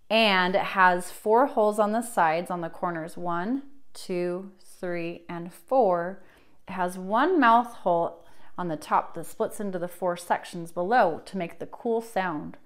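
A young woman teaching a children's music class, encouraging and sing-song, drawing her words out for little kids. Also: fairly low pitch. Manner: bright, encouraging, slow and drawn out for young children.

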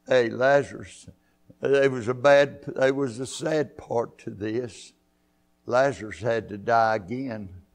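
Man, preaching in church, slow unhurried delivery, fervent with hallelujahs. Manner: fervent, rising to loud high-pitched peaks; punctuates with hallelujahs and amens. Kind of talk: sermon. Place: church sanctuary.

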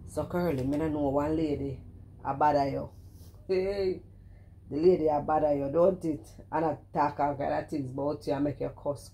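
A middle-aged Jamaican woman talks in a low, mellow voice, running casual commentary. She scolds with animation, repeating her points and breaking into exclamations. Her patois flows loose and conversational. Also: a little hiss or hum. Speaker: vlogger commenting on another streamer.

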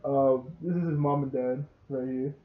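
A man's voice: mid-range voice, steady tone, normal speed. A man casually recapping a show episode, chatty and laughing often. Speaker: show reviewer. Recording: tinny phone-like sound.

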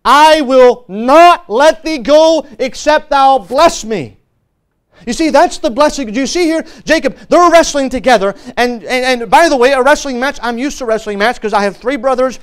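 High-voiced preaching pastor. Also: male voice. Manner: emphatic preaching with sudden drops to a hush. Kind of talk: sermon. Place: church service.

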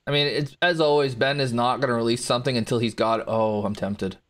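A man's voice: mid-range voice, steady tone, fairly quick, a bit bright. A man casually commentating his golf video game play, reacting to shots and talking to viewers in chat. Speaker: gaming streamer.

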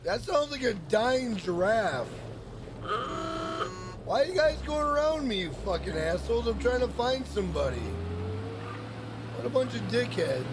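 A young man streaming a game, cursing and ranting at the characters in loose, rambling talk. His voice is very high for a man. Steady noise sits under his commentary. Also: moderate pace, pauses often. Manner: profane, hot-tempered, rambling. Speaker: gaming streamer. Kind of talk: casual let's play commentary.

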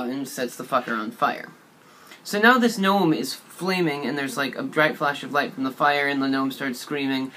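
A man's voice: fairly high pitch, moderate pace, sharp tone, a little hiss or hum. A man casually retelling a tabletop game session, rambling and profane, with lots of fillers. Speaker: storyteller.

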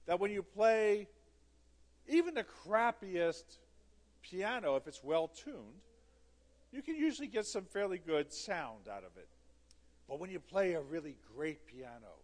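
A man giving a conference talk, telling an animated, theatrical story with emphatic repetition. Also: on the high side, husky. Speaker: conference speaker. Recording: long hall reverb.

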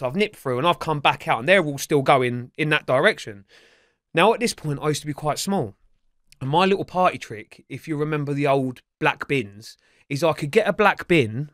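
A man's voice: fairly high pitch, fairly bright tone, no room sound, clean studio sound. A man telling wild stories as an interview guest, swearing freely and acting out the voices of other people. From England. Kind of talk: storytelling in a podcast interview.

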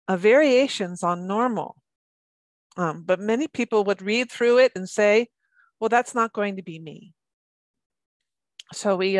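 A middle-aged woman giving a recorded lecture, talking in a halting way with many restarts and repeated words. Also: medium pitch, no room sound. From United States. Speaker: presenter on birth trauma.

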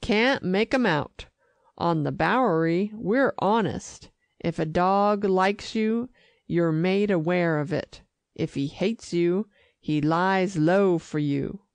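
A gruff old male street dog with blunt, slangy talk and a distrust of everyone uptown, as a woman reading a storybook puts him on. The voice is gravelly and slow, close and dry. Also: fairly low pitch, no room sound.

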